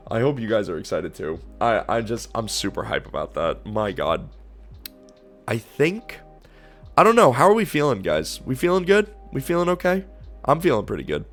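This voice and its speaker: A man streaming, giving excited reaction commentary with loud gushing outbursts. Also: on the low side.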